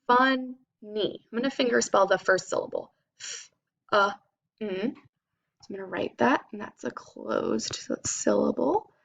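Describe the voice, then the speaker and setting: Woman teaching phonics, slight vocal fry. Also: medium pitch, animated, a bit bright. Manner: slow, clear spelling-out of sounds. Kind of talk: phonics lesson for children.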